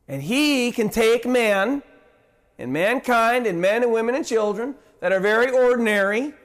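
A male pastor with a high-pitched voice delivers a sermon with fervent emphasis. He repeats key phrases and throws rhetorical questions at his listeners. His loudness swells on declarations and falls away to near-murmurs at the ends of lines. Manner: impassioned, rising and dropping sharply in loudness.

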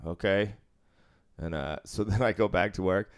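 A man's voice: low voice, normal speed, smooth. A man who deals craps, telling a casual, profanity-laced story about work and laughing as he goes. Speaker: casino craps dealer.

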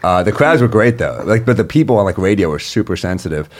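Comedian guy on a podcast, deepish voice, swoops up and down a lot, does voices in his stories. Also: fast talker. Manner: animated, acts out voices in stories. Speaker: comedian co-host. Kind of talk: casual storytelling.

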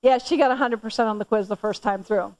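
A woman in her forties giving a sermon, telling a family story with lively acted-out dialogue and repeated phrases. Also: on the high side, fast, dry recording. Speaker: church speaker.

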